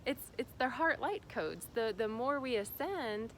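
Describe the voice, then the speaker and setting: Her voice on the high side and expressive, an Indiana spiritual guide talks in an unhurried way, with a little hiss or hum present. It's a casual spiritual vlog, rambling and packed with fillers and restarts.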